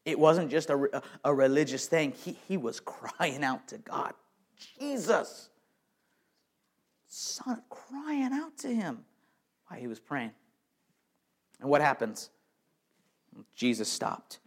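A man preaching a sermon with emphasis, swinging between quiet, intimate lines and loud, raised passages, and often repeating words as he restarts. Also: medium pitch, fairly even intonation, a little slow, long pauses. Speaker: pastor.

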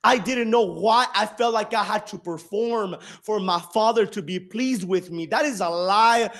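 A young male preacher with a high voice gives a personal testimony from the pulpit. He sinks into quiet reflection and then climbs into loud, shouted emphasis that carries off the microphone across the church. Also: a little slow. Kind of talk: sermon.

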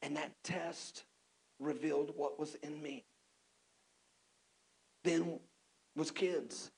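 A man from Texas, telling his own story in an animated, self-mocking sermon with lots of restarts. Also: a little high, slow pace, husky. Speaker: preacher.

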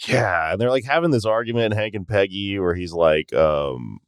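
Rambling, lively-voiced man recapping a cartoon. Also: low-pitched, moderate pace, clean tone, no echo, studio quality. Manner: loose and rambling, with many fillers, chuckling along. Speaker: podcast co-host. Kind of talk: casual chat recapping a cartoon episode.

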